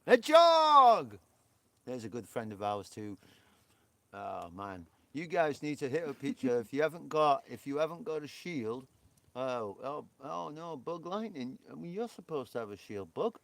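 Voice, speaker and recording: Yorkshire guy chatting on a live stream, rambly, lots of ums, voice sits mid-pitch, dry close sound. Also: animated, moderate pace, no room sound. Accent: Yorkshire English. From England. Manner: rambling, chatty, full of fillers and restarts.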